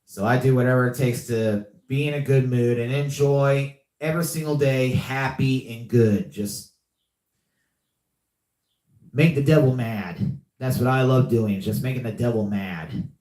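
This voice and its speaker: A man's voice: mid-range voice, unhurried, a little mellow. Guy hosting a live podcast, rambly, lots of ums and repeats, echoey room. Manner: rambling, repeats himself, many fillers. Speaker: podcast host reading live chat. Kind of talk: casual livestream chat.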